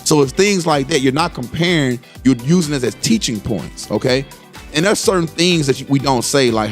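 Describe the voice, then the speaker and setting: A dad in his thirties runs a casual podcast about parenting, livening up family anecdotes, reaching out to listeners again and again, and doing his sons' voices with big pitch swings. He talks at normal speed with faint music behind him.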